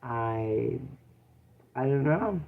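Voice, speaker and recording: A woman hosting a casual live chat from home, playful and quick to laugh, often breaking off to correct her child. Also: extremely low pitch, animated, creaky. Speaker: channel host and mother. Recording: tinny phone-like sound.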